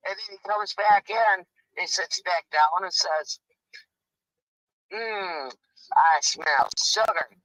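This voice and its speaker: Bright-voiced joke teller spinning folksy yarns. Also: mid-range voice, no echo, rough recording. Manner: folksy storytelling, acts out characters. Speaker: guest telling jokes. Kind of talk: telling dirty jokes.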